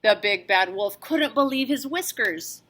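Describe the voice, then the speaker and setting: A woman reading a children's storybook aloud in an expressive, animated way, as a teacher. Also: fairly high pitch, a little slow.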